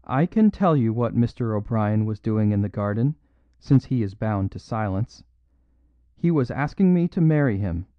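A man voicing a courageous young noblewoman speaking in a clear, quivering voice. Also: fairly low pitch, expressive, moderate pace, no echo, lo-fi sound, close to an everyday voice. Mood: earnest.

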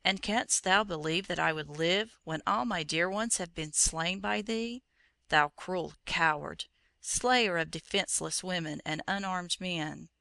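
A reader voicing a proud young princess who answers with slow, scornful, old-fashioned speech in a storybook reading. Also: medium pitch, gravelly, sharp tone, no echo.

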